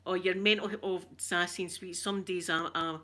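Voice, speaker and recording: This ASMR livestreamer, a middle-aged woman with a Scottish accent, reads out viewer comments in a lowish, steady voice that sounds pushed and bright. She talks at a normal speed, rambling casually, laughing a lot and calling her live viewers by name.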